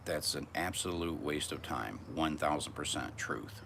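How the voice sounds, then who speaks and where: A man's voice: a bass voice, a little slow, creaky, noisy background. A man vlogging from a back porch outdoors, talking in a brash, profane, rambling monologue.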